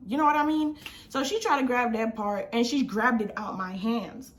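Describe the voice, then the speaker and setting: A young adult woman vlogger telling a storytime in a casual, slangy, animated way, acting out what people said. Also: a little high, normal speed, slight background noise. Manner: animated, slangy, acts out quotes.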